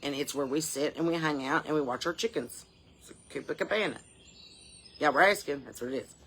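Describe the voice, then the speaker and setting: A woman chatting casually in a rambling vlog, salty and profane, telling stories in a down-home way and sometimes dropping to a soft murmur. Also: low-pitched, fast, breathy edge. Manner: drops to a soft murmur at times. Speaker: touring musician and vlogger.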